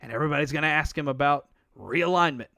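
A man co-hosting a sports podcast, slightly high voice. He talks in an animated, sarcastic way and keeps slipping into mock outrage. The sound is dry and close. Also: fast talker, dry recording. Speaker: podcast co-host. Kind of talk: casual sports chat.

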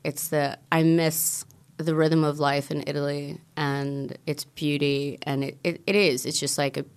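A woman's voice: deep voice, level tone, measured pace, clear, resonant tone. A woman speaking as an author guest in a casual interview, frank and outspoken, often trailing off and restarting.

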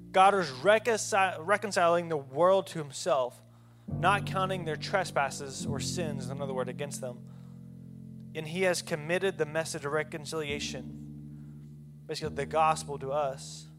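A man delivers a sermon to a church gathering in an earnest, pleading tone. His voice sits a little higher than most men's. Clear guitar music plays behind him. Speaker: preacher. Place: church service with a worship band.

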